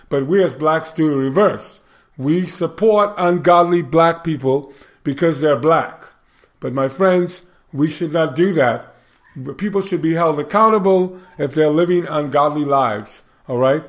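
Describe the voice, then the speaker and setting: A man hosting a Bible commentary, preaching moral lessons and reading scripture aloud, measured and repeating words for emphasis. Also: a little high. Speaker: host of a Bible commentary show.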